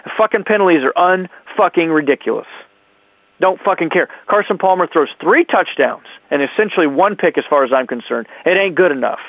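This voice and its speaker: A man's voice: fairly high pitch, expressive, a little fast, no echo. A man phoning in a furious rant, heavy with profanity and insults. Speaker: caller. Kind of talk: angry voicemail rant. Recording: dry tinny phone line.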